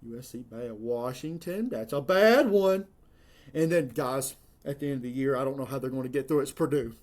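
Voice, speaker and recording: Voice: mid-range voice, moderate pace, a little mellow. A college football commentator, ranting to the camera in a sarcastic, mocking, rambling way. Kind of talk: sports rant to camera.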